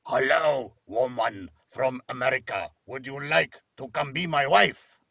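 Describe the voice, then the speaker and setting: A man's voice: medium pitch, unhurried, gravelly, bright, forceful tone, dry recording, highs cut off, voice pushed down, exaggerated voice. A man voicing a huge, boastful tusked male suitor in a mock Italian accent, pompous and flirtatious.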